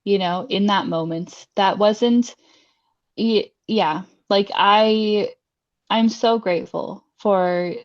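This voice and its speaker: A woman's voice: mid-range voice, takes it slowly, no room sound. Chatty, heartfelt woman on a call. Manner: chatty, lots of fillers, laughs often; emotional, heartfelt. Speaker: guest sharing her faith testimony. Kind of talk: casual testimony interview. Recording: dry, slightly dull sound.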